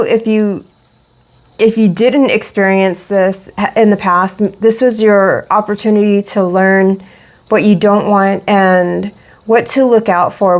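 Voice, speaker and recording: A woman's voice: medium pitch, a little mellow. A woman giving a casual tarot reading, rambling with many fillers and restarts. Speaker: tarot reader.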